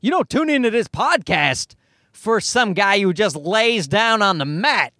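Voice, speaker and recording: A man's voice: high voice, sing-song, measured pace, sharp tone, no echo, studio quality. A man hosting a comedy podcast, ranting in a worked-up way and swearing freely. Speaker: podcast host.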